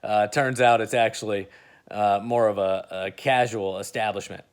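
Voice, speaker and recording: A man's voice: lowish voice, fairly even intonation, moderate pace. A man casually retelling an imagined movie plot in a rambling, filler-heavy way. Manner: rambling, with many fillers and restarts. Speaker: video creator.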